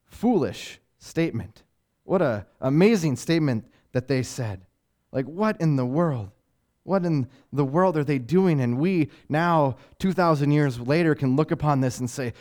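A man's voice: a little high, lively intonation, normal speed, a little mellow. Earnest male preacher asking rhetorical questions. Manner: conversational, with asides and fillers. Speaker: pastor. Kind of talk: sermon.

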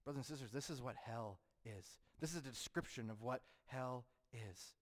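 A man preaching a sermon, who swings between fervent, rising passages and hushed, solemn ones. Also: mid-range voice, moderate pace. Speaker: pastor.

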